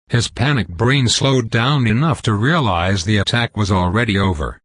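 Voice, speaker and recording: Brief: male narrator, low and husky, dry close sound, reading a comic story steadily. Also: fairly bright tone, no room sound.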